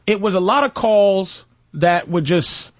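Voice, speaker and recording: A man hosting a talk show, telling crude comic stories in an animated, profane rant and mimicking other voices. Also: high voice, unhurried, dry recording. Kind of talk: profane comedic radio rant. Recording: muffled lo-fi, dry.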